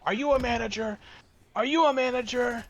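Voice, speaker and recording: A man acting out an irate customer in a store who yells and makes demands, his voice jumping well above the storyteller's usual pitch. He sounds indignant and loud in a plain, everyday way, with a faint hiss of noise behind him. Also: unhurried. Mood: furious. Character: angry ranting male customer.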